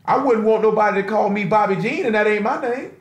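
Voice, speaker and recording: On a conference call, a preacher gives a loose, street-smart sermon full of rhetorical asides. He speaks quickly in a high-pitched voice, with a roomy echo in the recording.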